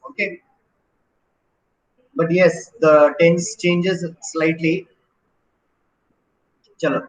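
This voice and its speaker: Man, grammar teacher, high and bright, questioning style, roomy echo. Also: flat delivery, very slow. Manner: questioning, encouraging, repeats "right?". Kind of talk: online grammar lesson.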